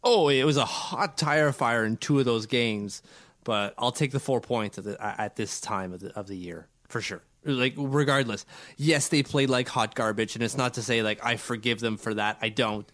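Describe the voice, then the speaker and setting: A man's voice: mid-range voice, normal speed, a bit bright, dry recording. A man co-hosting a podcast in casual chat, rambling and joking at his own expense. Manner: self-deprecating, joking, rambling. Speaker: podcast co-host.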